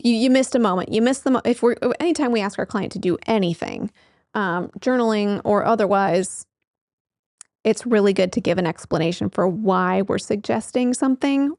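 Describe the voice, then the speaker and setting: A woman's voice: on the high side, a little mellow, dry recording. Chatty woman therapist, dry sound. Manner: chatty, laughs often, many fillers. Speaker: therapist and show host. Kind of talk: casual explanatory talk to camera.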